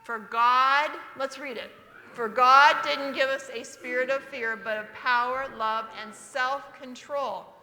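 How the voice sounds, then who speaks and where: A middle-aged woman giving a sermon at a church, mixing a personal story with Bible verses she reads slowly and asks the congregation to answer. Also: high-pitched, fairly even intonation, bright, forceful tone, slight background noise. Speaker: speaker at a church service. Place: church sanctuary. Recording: echoey church hall livestream.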